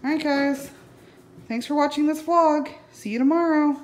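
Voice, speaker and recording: A woman's voice: sits high, moderate pace, a little hiss or hum. A young woman from the United States chatting casually in her daily vlog, sliding into bubbly baby talk with her pets. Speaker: vlogger.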